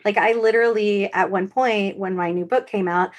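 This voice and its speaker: Give me an upbeat woman with an average-pitched voice co-hosting a casual podcast. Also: fairly even intonation, normal speed. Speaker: podcast co-host and indie author.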